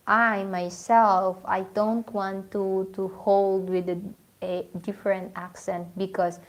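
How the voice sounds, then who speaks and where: Chatty Filipino-accented woman. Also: medium pitch. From Philippines. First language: Filipino language. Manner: chatty, many fillers and restarts, lots of "you know". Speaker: livestream host. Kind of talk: casual livestream chat.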